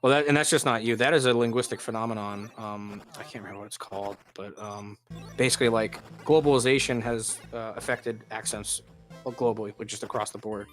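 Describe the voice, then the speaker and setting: A man's voice: on the low side, fairly quick, fairly bright tone, soft background music. A man hosting a livestream, chatting casually and rambling with lots of fillers. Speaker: streamer host. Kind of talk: casual chat.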